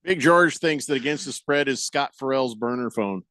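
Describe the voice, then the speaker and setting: A man's voice: medium pitch, normal speed, sharp tone, no echo, studio quality. A male sports radio host with a wry, joking way of telling stories, reading out listener messages on air.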